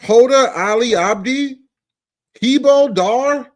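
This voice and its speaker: A man hosting a comedy commentary show, profane and mocking, stretching out names slowly. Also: high voice, expressive.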